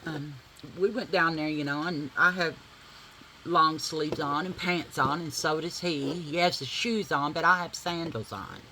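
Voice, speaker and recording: A woman's voice: low voice, measured pace, noisy background. A woman, chatting casually and swearing freely while doing her makeup at home. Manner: chatty, swears casually, addresses viewers as y'all. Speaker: vlogger.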